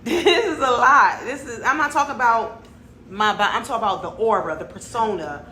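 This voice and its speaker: A woman's voice: fairly high pitch, a little fast, bright, forceful tone, a little hiss or hum. A woman rapper speaking frankly and with some profanity in a candid documentary interview. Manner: frank and profane, gets playful and laughs. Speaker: rapper interviewed about her life.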